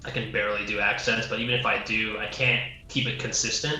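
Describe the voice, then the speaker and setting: A man's voice: on the low side, flat delivery, fast, bright, forceful tone, echoey room, faint music behind, low-quality recording. A man chatting casually with friends in an easygoing way, with short reactions. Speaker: tabletop game player. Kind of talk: casual group chat.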